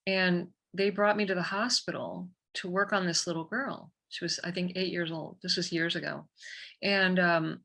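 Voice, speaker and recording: Woman guest chatting about healing, bright clear voice, tells stories with lots of life. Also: on the low side, normal speed. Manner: animated, vivid storyteller. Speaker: guest, energy healer. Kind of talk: conversational storytelling.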